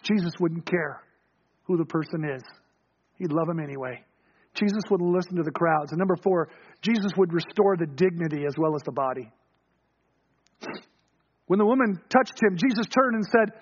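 A man with a high, husky voice preaches a storytelling sermon and acts out the voices in the story. He surges fast and loud, then drops low and hushed. The sound is dull and lo-fi. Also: lively intonation.

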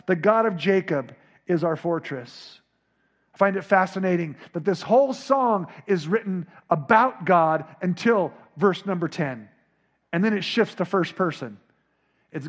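A man preaching a sermon, dropping to a hush and then rising to near shouts as he acts out scripture. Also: high-pitched, animated, a little slow. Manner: dramatic, swinging from hushed to shouting. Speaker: pastor.

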